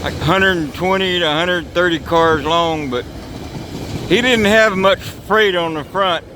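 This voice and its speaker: Folksy rambling guy by the train tracks, slow talker, kinda high voice, faint outdoor hiss. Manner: rambling, folksy, swears casually. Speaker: vlogger. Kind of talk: casual outdoor vlog narration.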